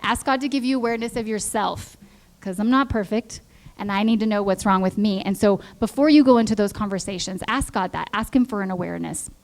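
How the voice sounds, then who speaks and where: A woman's voice: mid-range voice, fairly quick. A middle-aged woman giving a conversational sermon at church, telling stories and acting out the voices she quotes. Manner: lively storytelling, acts out quoted voices. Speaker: church speaker.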